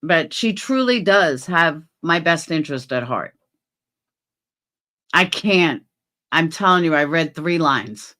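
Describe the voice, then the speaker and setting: A woman hosting a casual livestream, reading viewer comments aloud and answering bluntly, with swearing and quick jumps between low mutters and loud outbursts. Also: animated. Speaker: livestream host.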